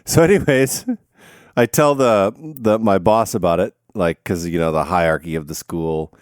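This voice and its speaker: A man's voice: sits low, moderate pace, no echo, studio quality. A man telling stories in a casual podcast chat, acting out the dialogue and laughing often. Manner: animated storytelling, acts out dialogue, laughs often. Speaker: podcast guest.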